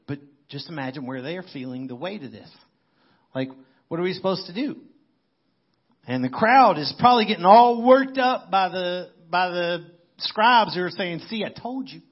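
A man's voice: high-pitched, animated, normal speed, dull audio. A man preaching a sermon in a conversational way, as if thinking aloud. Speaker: pastor.

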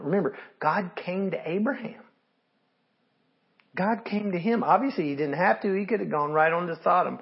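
A man's voice: fairly high pitch, animated, normal speed, slightly rough, highs cut off. A man preaching a sermon, reading scripture aloud and commenting on it in an earnest, conversational way. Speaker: pastor.

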